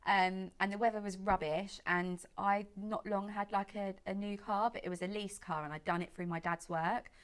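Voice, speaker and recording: A woman's voice: medium pitch, fairly even intonation, normal speed, hardly any pauses, smooth. A woman in her late twenties, a guest make-up artist, telling a long story in casual chat with lots of fillers and quoted speech. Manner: chatty, lots of "like" and reported speech.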